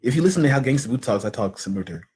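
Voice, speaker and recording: A man from Georgia calling in to a livestream, hesitant and halting with lots of fillers. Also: medium pitch, lively intonation, darkish tone, husky. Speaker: caller. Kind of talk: casual call-in chat.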